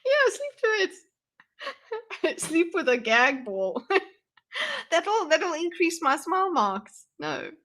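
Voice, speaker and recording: A woman hosting a casual livestream panel with a bright, slightly high voice. She laughs often and swears without a second thought, talking loosely over her streaming mic. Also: sing-song, takes it slowly. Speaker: streamer host.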